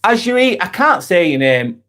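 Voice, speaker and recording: A man chatting on a live stream, blunt and candid, with a pitch that bounces around a lot. He swears freely and stops to read out viewer comments between his points. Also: big pitch swings, normal speed, pushed and bright. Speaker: vlogger hosting a live stream. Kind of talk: casual live-stream chat.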